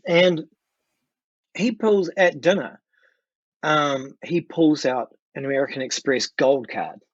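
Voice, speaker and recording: A man in his fifties with a New Zealand accent, telling a story as a podcast guest in an animated way and acting out what people said. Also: on the high side, takes it slowly, pauses often, breathy edge, dry recording, muffled recording. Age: 50s. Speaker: guest musician. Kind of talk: casual storytelling.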